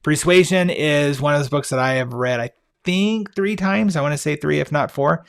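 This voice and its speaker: Speaking at normal speed in a fairly high voice with vocal fry, this man hosts a podcast and chats casually about books he recommends. He's enthusiastic, often using fillers and starting sentences over.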